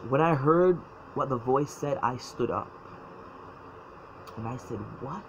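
A man telling his personal faith story, halting and emotional, often repeating words as he speaks. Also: mid-range voice. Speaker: former church member telling his story. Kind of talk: personal testimony. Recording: dull lo-fi sound, faint noise.

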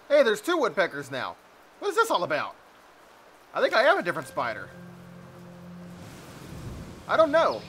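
A young man giving jokey, excitable commentary over a game he's playing, often yelping in surprise. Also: fairly high pitch, a little hiss or hum. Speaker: let's play host. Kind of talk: gameplay commentary.

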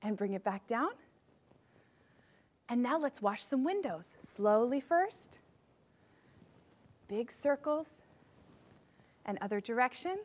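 A woman music teacher leading a children's music lesson, upbeat as she guides the class through movement warm-ups. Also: fairly high pitch, expressive, slow pace, pauses often.

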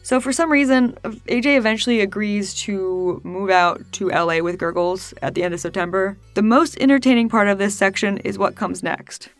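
A woman's voice: medium pitch, normal speed, hardly any pauses, dry recording, faint music behind. A woman narrating a documentary with sarcastic, mocking commentary. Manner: sarcastic, mocking, laughs through the telling.

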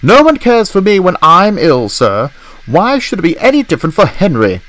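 A man voicing a proud, pompous male steam engine in a storybook reading, loud and indignant. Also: fairly high pitch, sing-song, normal speed, no echo, pitched above the performer's own voice, poor audio.

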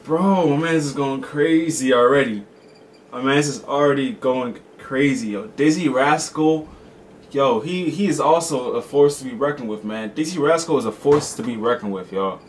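A man from the United States hosting a reaction video, talking casually and excitably, full of "bro" and "man". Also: mid-range voice, normal speed, very noisy.

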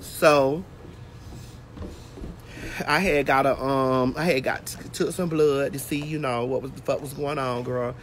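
A woman's voice: rumbling low, steady tone, a little slow, pauses often, slight background noise. A woman hosting a casual phone livestream outdoors while getting her hair braided, telling a brash, profane story. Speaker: host.

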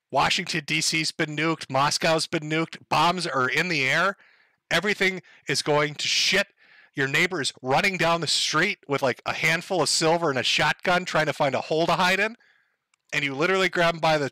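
A man's voice: fairly high pitch, bright, forceful tone, no room sound. A man hosting a livestream, rambling to his chat in a profane comedic rant and laughing often. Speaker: livestream host.

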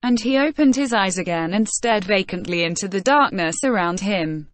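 Even synthetic female audiobook narrator. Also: mid-range voice, no echo. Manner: even, measured reading that reads punctuation marks aloud.

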